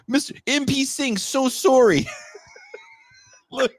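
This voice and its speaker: A man co-hosting a casual podcast chat, reacting to a clip with loud laughs and profane jokes. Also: extremely high pitch, extremely slow, a little hiss or hum. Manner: animated, laughing often, profane, slips into mocking voices. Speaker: podcast co-host.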